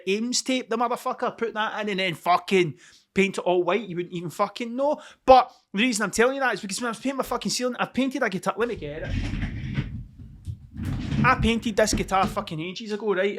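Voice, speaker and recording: A middle-aged Scottish man talking in a high, bright voice, rambling and swearing freely as he hosts his own podcast. He keeps losing his thread and mocking himself while chatting casually into the camera mic in a cold room at home. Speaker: podcast host.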